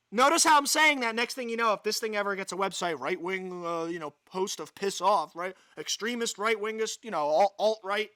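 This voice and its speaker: A man's voice: high-pitched, animated, brisk, few pauses, bright, forceful tone, no room sound. A man hosting a livestream, ranting sarcastically and reading an article aloud with sighs of exasperation. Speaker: livestream host.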